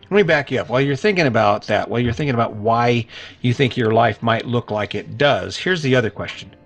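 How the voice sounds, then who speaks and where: A man's voice: mid-range voice, expressive, fairly quick, soft background music. A man hosting a casual motivational podcast in a folksy, chatty way, often tagging his points with "right?". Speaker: podcast host. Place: lives in an RV.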